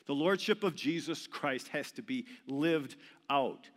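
A male pastor delivering an animated sermon, emphatic and sometimes playful, quoting scripture with rising force. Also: a little high, a little slow. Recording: long reverb of a large hall.

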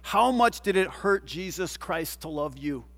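A man preaching a sermon as a pastor, asking rhetorical questions and swinging between loud emphasis and hushed, quiet passages. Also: sits high, expressive, unhurried, in a large hall.

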